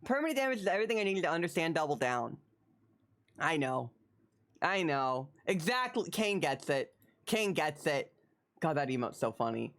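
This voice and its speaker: A woman's voice: low-pitched, big pitch swings, unhurried. Wry, repetitive woman streamer. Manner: repeats herself, wry and self-mocking. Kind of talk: casual live-stream chat.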